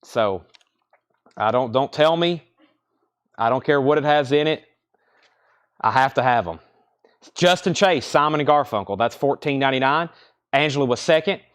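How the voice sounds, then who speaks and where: A man's voice: mid-range voice, normal speed, long pauses, a bit bright, clear, resonant tone. Male live-sale host, mid-range voice, casual patter calling out prices and bids. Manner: chatty, rattles off prices and bids. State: out of breath. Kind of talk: casual live-stream auctioneering.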